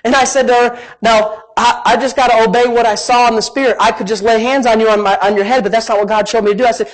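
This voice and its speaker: A middle-aged man preaching a sermon as pastor, animated, moving between quiet asides and emphatic rising lines. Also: very high voice, quick pace, few pauses, rough recording.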